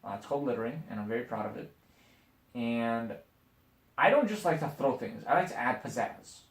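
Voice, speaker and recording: A man's voice: mid-range voice, lively intonation, fairly quick. A man in his forties co-hosting a casual podcast, telling stories in a brash, profane way and laughing at his own jokes. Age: 40s. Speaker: podcast co-host. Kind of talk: casual chat. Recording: roomy sound from a distant mic.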